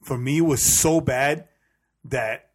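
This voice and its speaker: A man's voice: medium pitch, slow pace, slightly rough. A man from New York co-hosting a podcast in casual chat, emphatic and fond of repeating words for effect. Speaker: podcast co-host.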